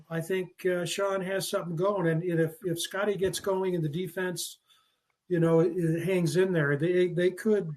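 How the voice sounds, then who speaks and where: A man hosting a sports talk show, with a slightly high-pitched voice. He talks casually, rambling and joking, stopping often to restart his sentences. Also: a little mellow. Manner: rambling, jokey, halting with fillers. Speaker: podcast host.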